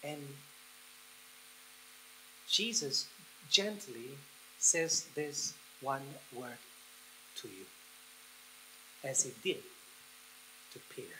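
A man preaching a sermon, leading the listeners through a guided picture with slow, soft pauses that build into excited passages. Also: mid-range voice, background noise. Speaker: pastor.

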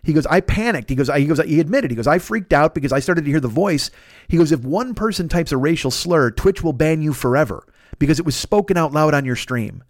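A man telling a story at a quick clip, swearing often and tumbling from one aside to the next. His voice sits slightly high, and the recording is dry and close with no room sound. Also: no echo. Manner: profane, rambling, animated storytelling. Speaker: podcast host. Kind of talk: casual storytelling monologue.

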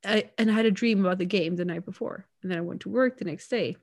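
A woman's voice: medium pitch, fast, a little mellow. A young woman co-hosting a casual podcast chat, rambling with many restarts and laughs. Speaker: podcast co-host.

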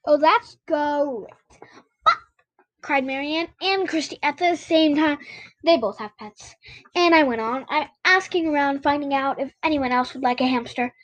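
A woman with a high voice reads a children's novel aloud in a relaxed, unpolished way. She stumbles and restarts here and there, like someone reading for friends. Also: normal speed, rough recording. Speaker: audiobook reader and podcast host.

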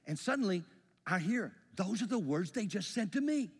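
A man's voice: sits high, animated, moderate pace, slightly rough, in a large hall. A man, a pastor, telling a story in a sermon, earnest, often stopping and repeating words.

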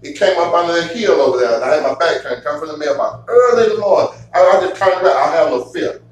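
A man hosting a casual chat, telling stories in a profane, animated way and getting loud at times. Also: a little high, fast talker. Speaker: show host. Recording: echoey room from far off, faint hum.

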